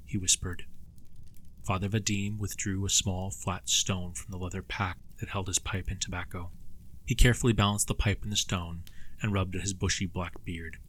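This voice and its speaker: Deep-voiced man narrating an audiobook. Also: level tone, a bit bright, a little hiss or hum. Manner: measured, somber.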